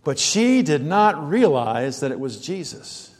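A man preaching a sermon in an animated way, firing rhetorical questions and acting out quoted lines. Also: fairly high pitch, unhurried, in a large hall.

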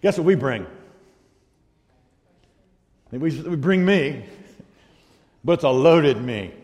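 A man preaching a sermon as pastor, animated, swinging from loud emphasis to quiet asides. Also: on the high side, takes it slowly. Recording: long hall reverb.

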